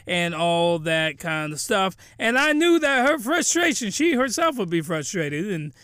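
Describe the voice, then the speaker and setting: A young man hosting a comedic review, rambling and excitable, with loud bursts of ranting. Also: high-pitched, measured pace, no echo, studio quality. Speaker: host.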